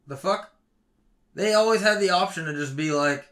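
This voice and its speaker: A young man ranting heatedly on a casual podcast, swearing constantly and swinging between loud outbursts and low mutters. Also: moderate pace. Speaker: podcast co-host.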